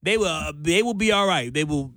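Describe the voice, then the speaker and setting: Animated man with a high, lively voice. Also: a little fast, no echo. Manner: animated, mocking, acts out others' lines. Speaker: radio sports talk host. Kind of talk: casual radio banter.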